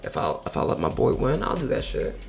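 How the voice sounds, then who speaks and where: A man voicing a cocky, loyal young male tennis player, speaking in a crude, mumbled, low-key way. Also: wildly swooping pitch, a little fast, creaky, soft background music, exaggerated voice. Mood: brash.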